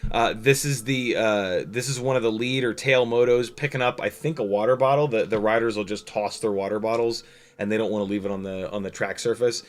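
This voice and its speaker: A man's voice: fairly low pitch, fairly even intonation, brisk. A man talking casually on a livestream, rambling over his footage with lots of fillers, restarts and the odd swear. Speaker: drone pilot and streamer.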